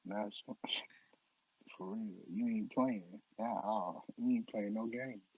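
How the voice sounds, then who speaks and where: A man's voice: fairly low pitch, slow pace, husky, no room sound. A man hosting an informal interview. He talks in a loose, joking way and laughs easily. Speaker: interview host. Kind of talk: casual interview chat. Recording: dull lo-fi dry sound.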